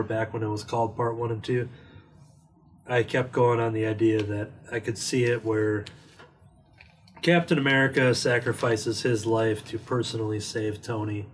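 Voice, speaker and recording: Rambling man in casual movie chat. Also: mid-range voice. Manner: rambling, heavy on "like" fillers. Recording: distant mic with faint noise.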